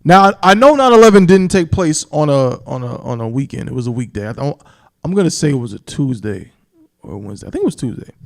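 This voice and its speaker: A man teaching from the Bible on a live stream, emphatic, repeating "you understand?" and slowing down to stress key words and scripture. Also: medium pitch, very animated, gravelly. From New York. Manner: reads scripture in a slow, solemn cadence.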